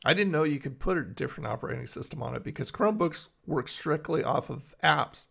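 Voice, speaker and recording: A middle-aged man with a gravelly voice pitched a bit high talks to his live-stream viewers from bed. He rambles, reads out chat and answers people by name in a loose, chatty way. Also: expressive, a little fast, fairly bright tone. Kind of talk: casual live-stream chat, reading chat aloud. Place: in bed at home.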